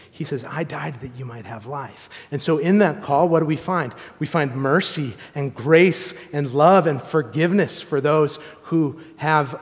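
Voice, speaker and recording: A pastor in his thirties preaching a sermon, moving between loud, emphatic appeals and soft, hushed storytelling. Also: fairly high pitch. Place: church sanctuary. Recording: long hall reverb.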